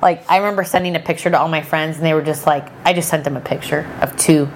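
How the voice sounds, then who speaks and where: Chatty woman with a lowish voice. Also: fast talker, slight background noise. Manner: animated, chatty, quotes people often. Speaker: podcast guest. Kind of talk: casual storytelling chat.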